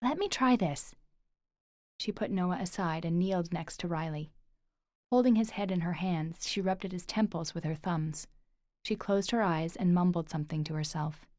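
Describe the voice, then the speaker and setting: A woman narrating an audiobook with steady, measured delivery. Her voice sits on the low side and the recording is dry and close, with no room sound. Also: dry recording. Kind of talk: scripted narration.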